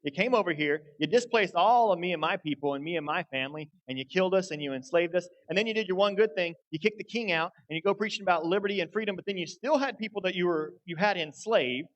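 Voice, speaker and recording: Guy doing a fed-up officer, heated and accusing, higher voice. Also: fast, few pauses, a bit bright, highs cut off. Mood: defiant. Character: bitter Union officer, defiant man.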